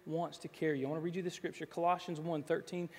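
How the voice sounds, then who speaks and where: High-voiced pastor in an echoing hall. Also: male voice, level tone, fast, slight background noise. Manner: storytelling that swells into emphatic, rising exhortation. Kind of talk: sermon. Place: church sanctuary. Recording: long reverb of a large hall.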